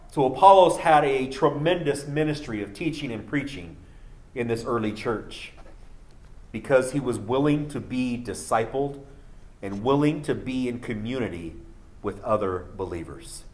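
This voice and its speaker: A man's voice: mid-range voice, lively intonation, unhurried, pauses often, darkish tone. A man preaching a sermon, earnest and building to emphatic peaks, with a cough. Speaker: pastor.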